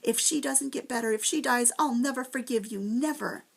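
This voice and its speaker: A woman's voice: fairly high pitch, normal speed, creaky, husky, pitched above the performer's own voice. A woman voicing an angry boy who stands up to a bully in a storybook reading. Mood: furious.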